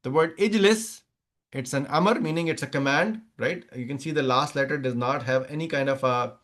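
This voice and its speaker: A man's voice: medium pitch, moderate pace, a bit bright. A man teaching a grammar class over a video call, explaining step by step, repeating examples and checking that students follow. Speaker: Arabic teacher. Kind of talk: online class lecture.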